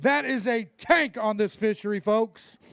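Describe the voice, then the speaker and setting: A high-pitched man emcees a fishing weigh-in on an outdoor stage, hyping the crowd with loud call-outs and quick jokes. His voice is dry and close on a handheld mic. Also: vocal fry, no room sound. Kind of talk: live tournament emcee.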